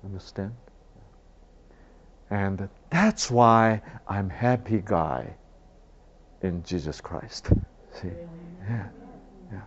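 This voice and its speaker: Animated male preacher. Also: on the low side, drawn-out words, long pauses, lo-fi sound, slight background noise. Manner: animated, rhetorical questions, swings from loud to hushed. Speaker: father. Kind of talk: sermon.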